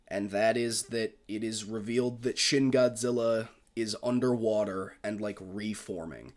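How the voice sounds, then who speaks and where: A man's voice: on the low side, measured pace. A man giving a casual film review monologue, gushing and rambling with frequent swearing.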